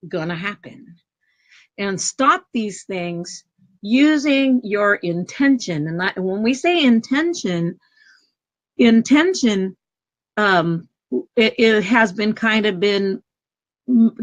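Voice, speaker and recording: A middle-aged woman guest speaking earnestly about prayer and intention, telling personal stories in a lively way over a video call. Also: medium pitch. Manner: earnest, animated storytelling with lively quoted voices. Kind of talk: casual storytelling interview. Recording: dull lo-fi call audio.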